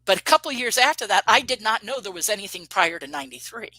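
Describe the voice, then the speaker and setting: A woman in her fifties, an interview guest, telling a personal story in a casual, animated way. She acts out the quoted dialogue and often restarts her sentences. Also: medium pitch, quick pace, low-quality recording.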